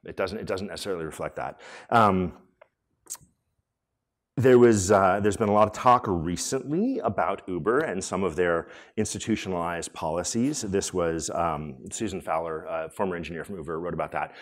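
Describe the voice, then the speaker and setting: A man hosting a conference session and giving a conversational talk, with many fillers and restarts, polling the audience. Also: sits low. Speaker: conference speaker and room host. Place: conference hall.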